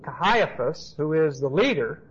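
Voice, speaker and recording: Brief: emphatic male Bible teacher, high voice, dull lo-fi recording. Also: lively intonation, a little slow, slightly rough. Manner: explanatory, emphatic, with asides and rhetorical questions.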